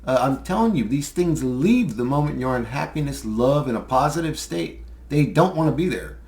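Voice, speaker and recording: A man's voice: medium pitch, animated, normal speed, darkish tone. Male host, casual monologue, rambling and profane, mid-range voice, echoey room. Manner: rambling, swears freely, laughs between thoughts. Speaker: channel host.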